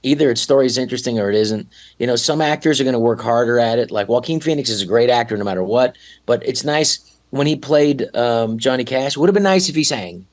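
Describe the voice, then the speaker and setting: A man talking as a podcast guest in a rambling, animated way, with frequent restarts. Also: medium pitch, fast. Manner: animated, rambling, slips into mock accents. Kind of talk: casual podcast chat.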